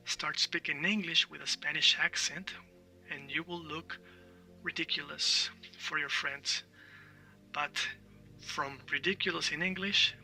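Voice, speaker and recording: Male language teacher, bright and forceful tone, a little off-mic with faint music behind; drills sounds, checks in often. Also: a little high, distant mic, poor audio. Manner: explains with repeated letter sounds and "all right?" checks. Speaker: Spanish teacher. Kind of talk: language lesson.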